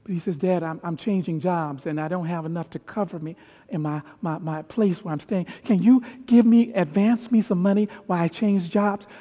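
A middle-aged man preaching a storytelling sermon as a pastor, swinging from hushed tones to loud peaks. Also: sits high, normal speed, highs cut off. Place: large church hall. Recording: long hall reverb with faint piano. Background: soft piano.

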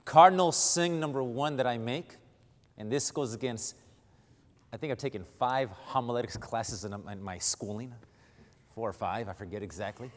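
A man from Cuba preaching a sermon, stammering through restarts and self-deprecating humor, then reading scripture loudly and emphatically. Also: medium pitch, normal speed. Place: church sanctuary. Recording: long hall reverb.

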